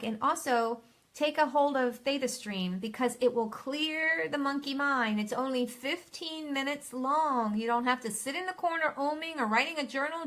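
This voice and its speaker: A woman's voice: fairly high pitch, a bit bright. A woman hosting a live question-and-answer stream as a spiritual coach, speaking soothingly, calling viewers by name and reading their comments aloud, from home. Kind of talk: live-stream advice session.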